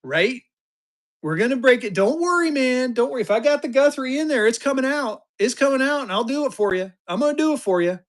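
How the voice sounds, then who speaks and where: High-voiced energetic man auctioning live. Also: brisk. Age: 50s. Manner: energetic, joking, drawling "y'all" asides. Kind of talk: live-stream auction patter.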